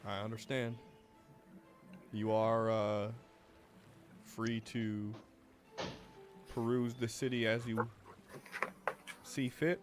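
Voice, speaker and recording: A man voices a formal, gracious town mayor in a tabletop game. He speaks slowly and with measured courtesy, his voice sitting a little low. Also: little pitch movement, music in the background.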